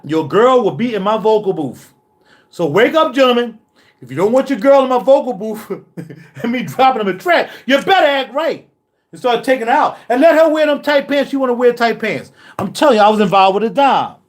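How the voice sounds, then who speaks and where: A man in a home recording studio giving a casual monologue, full of boastful, streetwise banter. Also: extremely high pitch. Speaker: vlogger.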